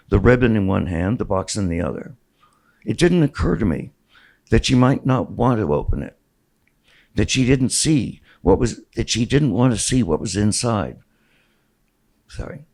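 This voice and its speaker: An author in his sixties reads aloud from his own memoir at a bookstore event, wry and storytelling, with small restarts along the way. His voice is fairly low with vocal fry and a darkish tone, and the audio quality is poor.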